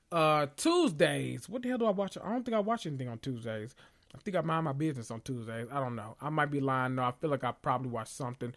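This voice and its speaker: Man, podcast host, casual chat, opinionated, animated, fairly high voice. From Southern United States. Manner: animated, opinionated, dramatic swings in pitch.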